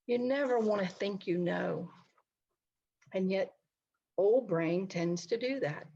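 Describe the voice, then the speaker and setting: A woman's voice: mid-range voice, takes it slowly, gravelly, warm tone, slightly rough, muffled recording. A middle-aged woman counselor giving an online talk, speaking conversationally and addressing her listeners directly. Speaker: licensed counselor presenting a talk. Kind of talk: online presentation to a society.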